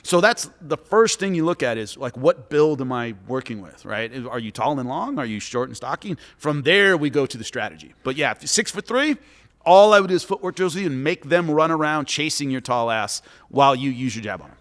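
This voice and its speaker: Animated man with a bright, echoey voice. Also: medium pitch, brisk. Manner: animated storyteller, acts out quotes. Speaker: former MMA fighter and commentator, guest. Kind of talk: casual podcast chat. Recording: long echoey reverb.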